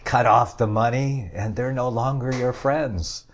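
A man's voice: mid-range voice, measured pace, a little hiss or hum. A man hosting a talk show, rambling through the news with casual, sarcastic asides. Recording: dull lo-fi audio.

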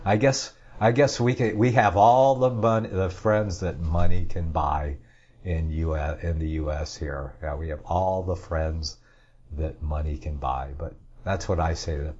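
A man's voice: low-pitched, steady tone, measured pace, darkish tone, husky. A man hosting a talk show, rambling through the news with casual, sarcastic asides. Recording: dull lo-fi audio.

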